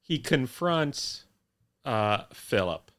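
A man's voice: medium pitch, very animated, very slow, a bit bright. A young man co-hosting a casual movie chat, recapping the plot with dry, wry humor. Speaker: podcast co-host.

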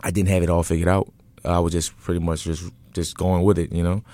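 Young new guy, real low voice, laid back storytelling w lots of um and you know, dry sound. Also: a little fast, no room sound. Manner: relaxed, rambling storytelling with many fillers. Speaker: interview guest, event business owner. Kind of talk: casual interview conversation.

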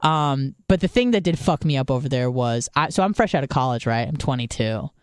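A woman's voice: extremely low pitch, expressive, fairly quick, smooth, no room sound. Chatty swearing American woman, dry sound. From San Diego. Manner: chatty storytelling, swears a lot, mimics voices. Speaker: podcast host. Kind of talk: casual chat.

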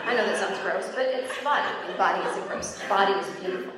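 A woman's voice: mid-range voice, quick pace. A woman in her forties doing stand-up comedy and chatting with the crowd in a rambling, self-deprecating, profane way. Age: 40s. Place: comedy club stage. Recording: very echoey club with noise.

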